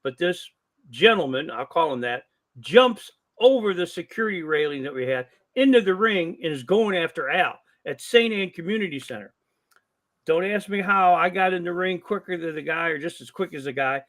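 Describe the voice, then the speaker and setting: An older man with a voice that sits a little high talks as a guest on a casual podcast. He is a veteran wrestling promoter who tells long, animated stories and acts out the lines of the people in them. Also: moderate pace. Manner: animated storyteller who acts out quoted dialogue. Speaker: guest, longtime wrestling promoter and ring announcer.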